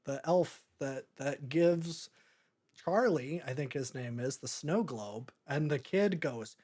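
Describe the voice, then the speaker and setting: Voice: medium pitch, slow pace, a little mellow, slightly rough. A podcast host talking through a movie in a casual, rambling way, often breaking into laughter. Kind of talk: casual movie review chat.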